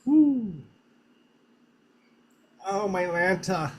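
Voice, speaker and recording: A man's voice: high voice, expressive, very slow. A man co-hosting a sports watch-along stream, mostly chiming in with short reactions and quips. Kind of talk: casual chat.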